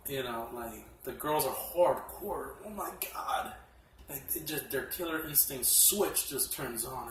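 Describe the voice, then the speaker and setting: An excitable man talks through his favorite horror films in a loose, profane vlog style, laughing often. His voice is bright and forward. He sits some distance from the mic, in a room with a noticeable echo. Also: mid-range voice, slight background noise. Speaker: horror film collector reviewing his collection. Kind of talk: casual vlog review.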